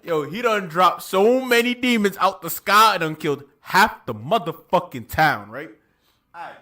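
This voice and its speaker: Podcast host, male, bright and a bit high, animated, swears freely. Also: moderate pace. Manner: animated, profane, steers the talk. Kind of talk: casual podcast chat.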